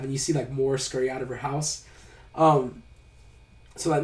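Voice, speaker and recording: A man's voice: a little high, fairly even intonation, a little fast, darkish tone. A man casually recapping a movie plot, rambling and hesitant with lots of fillers. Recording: roomy sound, a bit far from the mic.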